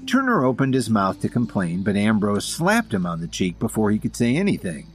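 A man narrating a scripted story in an even storytelling delivery. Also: fairly low pitch, a little fast, faint music behind.

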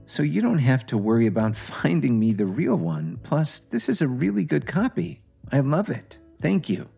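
A polite, gentle young wife speaking softly and a bit hurriedly, as a male narrator puts her on. The voice is lifted and husky, with a lively pitch. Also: moderate pace, faint music behind, heavily acted. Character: young wife, polite and busy office worker.

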